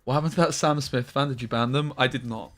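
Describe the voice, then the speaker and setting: A man's voice: medium pitch, quick pace, soft background music. A young man chatting casually while streaming a game, telling rambling stories with slang and the odd swear word. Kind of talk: casual live-stream chat over gameplay.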